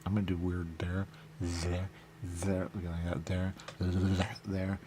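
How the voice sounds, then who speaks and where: Mumbling through a rambling, casual radio show, this man speaks low, monotone and a little slowly. He chuckles and repeats little phrases like "there you go" to himself, over background noise.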